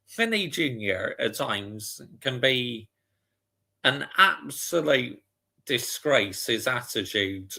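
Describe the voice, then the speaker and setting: A man's voice: medium pitch, creaky, pushed and bright. A man hosting a live football watch-along, chatting casually and answering viewer comments.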